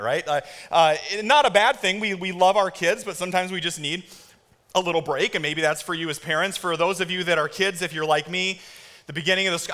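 Guy in his 30s preaching, kinda high voice, lively storyteller, big reverby church. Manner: animated storytelling with shouted kid impressions. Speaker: pastor. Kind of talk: sermon. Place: church auditorium. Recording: long reverb of a large hall.

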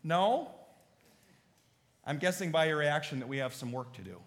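A man preaching a sermon as pastor, moving between hushed, earnest appeals and lively storytelling. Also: fairly high pitch, normal speed, long pauses. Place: church sanctuary. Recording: long reverb of a large church hall.

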